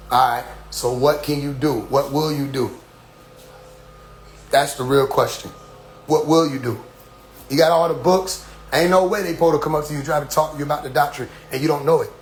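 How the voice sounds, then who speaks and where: A man with a fairly high voice speaks to his followers in a preachy, insistent way. He keeps firing off rhetorical questions and tags his points with "you see?". A faint hum sits under the recording. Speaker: group leader addressing followers. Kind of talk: impassioned address.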